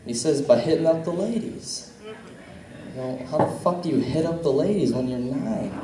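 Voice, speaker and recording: A man's voice: on the high side, animated, normal speed, dark tone. Young man, Midwestern accent, stand-up comic, crude casual storytelling, echoey club, distant mic. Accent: Midwestern American. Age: young adult. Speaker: stand-up comedian. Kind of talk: stand-up comedy set. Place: comedy club.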